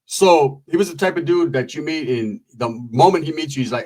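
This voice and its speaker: Casting: man, slightly raised pitch, husky tone, profane rambling storyteller. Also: brisk, a little mellow. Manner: rambling, profane, with frequent asides and laughs.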